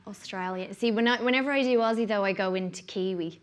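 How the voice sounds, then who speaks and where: A woman's voice: medium pitch, fast, slight background noise. An Irish woman talking expressively and chattily as a guest in a casual interview, with fillers and laughs. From Ireland. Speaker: guest actor.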